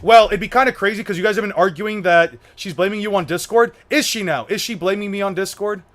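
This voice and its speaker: Young streamer dude, pretty high voice, swears a lot and keeps restarting his sentences. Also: quick pace, fairly bright tone. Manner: profane, repetitive, stumbling restarts. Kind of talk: livestream chat.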